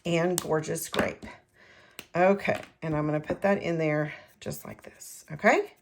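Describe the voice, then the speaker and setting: Gravelly-voiced chatty woman crafter. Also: low-pitched, fairly even intonation, measured pace. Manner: chatty, rambling, self-correcting. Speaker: card-making demonstrator. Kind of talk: casual craft tutorial. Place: home craft room.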